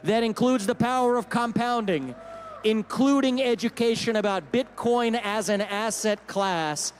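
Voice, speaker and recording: A man gives a measured, earnest prepared speech with a fairly high voice. It is a clip played during a stream. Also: a little hiss or hum. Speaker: political candidate in a clip.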